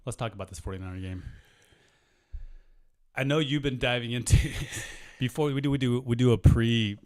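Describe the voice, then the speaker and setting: A man's voice: medium pitch, moderate pace, a little mellow, dry recording. A man co-hosting a casual sports podcast, talking in an earnest, mock-mournful way with frequent restarts. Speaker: podcast co-host.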